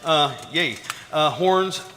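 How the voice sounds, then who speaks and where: A man's voice: fairly high pitch, slow pace, in a large hall. A man leading an orchestra rehearsal, counting beats aloud and scatting rhythms to show how they go. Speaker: orchestra conductor. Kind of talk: rehearsal instruction. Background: loud orchestra playing.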